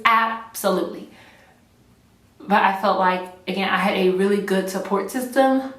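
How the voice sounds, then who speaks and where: A woman chatting casually while doing her makeup, rambling and filling her talk with "like" and "right.". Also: mid-range voice. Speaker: beauty vlogger. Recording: echoey room, mic at a distance.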